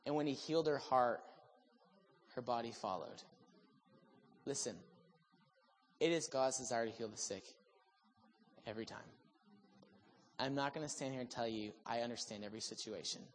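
Animated man preaching in a reverberant hall. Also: mid-range voice, normal speed, pauses often, a little hiss or hum. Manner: animated storytelling, swings from loud excitement to hushed. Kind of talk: sermon storytelling. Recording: long reverb of a large hall.

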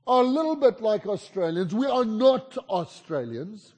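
A man from South Africa, accent intact, gives a funny guest sermon in a high, sing-song, slightly mellow voice with a breathy edge and moderate pace. He chats through stories and teases his listeners, the sound carrying a large hall's long reverb.

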